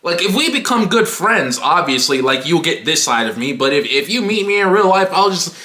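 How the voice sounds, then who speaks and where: A young man rants through a comic storytime, animated and profane, with exaggerated emphasis. His voice is high and bright and leaps around in pitch. The sound bounces around an echoey room. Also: fairly quick. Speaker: YouTuber. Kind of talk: comedic storytime rant.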